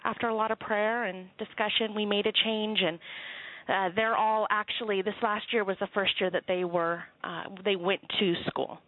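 A woman's voice: mid-range voice, steady tone, normal speed, no echo. A woman in her thirties, a guest author calling in, chatty and joking with fillers. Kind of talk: phone interview. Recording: dry tinny phone line.

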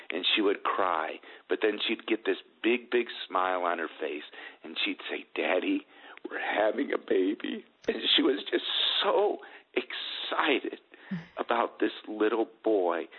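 A middle-aged man telling a personal family testimony in an earnest, halting way, with many restarts. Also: on the low side, narrow, tinny audio. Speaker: guest telling his family story.

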